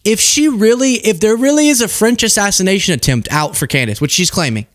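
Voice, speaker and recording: A man's voice: high voice, brisk, no room sound, studio quality. A man hosting a commentary podcast, ranting in an emphatic way and laughing often. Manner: animated, emphatic, laughs a lot. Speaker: podcast host.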